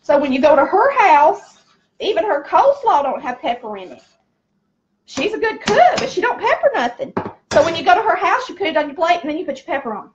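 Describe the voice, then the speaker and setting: With an extremely high, sing-song voice and a brisk pace, a middle-aged woman with a Southern American accent chats folksily to "y'all" while cooking at home for her show. The highs are cut off, and there's a little hiss or hum.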